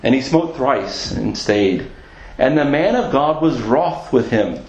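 A man's voice: mid-range voice, animated, measured pace, a little mellow. Man preaching in an echoey room. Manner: earnest preaching, repeats phrases for emphasis. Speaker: pastor. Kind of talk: sermon. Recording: echoey, dull lo-fi church recording.

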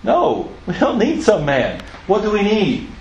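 Earnest high-voiced preacher, echoey room. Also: male voice, huge pitch swings, unhurried, a little mellow, dull audio, slight background noise. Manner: earnest, emphatic, asks the listeners questions; stumbles and repeats words mid-sentence. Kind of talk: sermon.

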